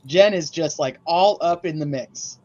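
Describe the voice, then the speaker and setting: A woman's voice: deep voice, measured pace, a little mellow, lo-fi sound, slight background noise. A woman co-hosting a casual chat over a video call, giggly as she tells funny stories about her family. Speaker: co-host.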